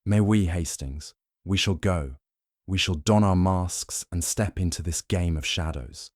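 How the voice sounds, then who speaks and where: A man voicing a fastidious little detective with a French accent, speaking softly but with precise authority in a storybook reading. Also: low voice, no room sound, clean studio sound. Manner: soft but commanding, precise. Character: fastidious little male Belgian detective, commanding.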